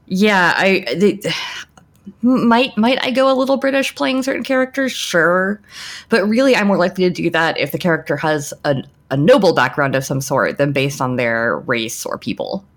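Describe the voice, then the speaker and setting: A young adult woman co-hosting a podcast, speaking frankly in casual chat and restarting her sentences often. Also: deep voice. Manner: frank, talks things through with many restarts and "like"s. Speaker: podcast co-host.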